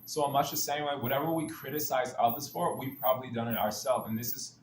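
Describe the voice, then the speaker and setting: A man's voice: medium pitch, fairly even intonation, fast, a little hiss or hum. A man giving an earnest spiritual talk built around Bible stories, often restarting his sentences and repeating stock phrases. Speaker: spiritual speaker. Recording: roomy echo, faint ambience.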